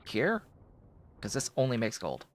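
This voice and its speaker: A man streaming a game, explaining its mechanics out loud in casual commentary, thinking through them with fillers as he goes. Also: huge pitch swings, unhurried. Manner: coos to his cat in a soft high voice between explanations.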